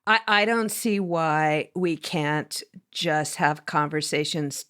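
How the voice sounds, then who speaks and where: Casual podcast cohost lady, lowish voice, chatty and animated, does little voices when she tells a story. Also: slow, clear, resonant tone. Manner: animated storyteller, acts out quoted dialogue. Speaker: podcast co-host.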